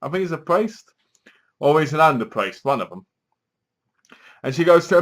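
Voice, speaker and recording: A man's voice: on the high side, big pitch swings, normal speed, pauses often. A man giving a casual, rambling film review and acting out the characters' lines as he retells the plot.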